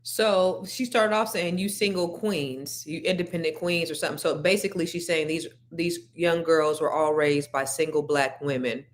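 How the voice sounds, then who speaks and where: Middle-aged woman host from California, frank and animated, lowish voice, casual panel chat. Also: moderate pace, hardly any pauses. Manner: frank, animated, with many restarts. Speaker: podcast host.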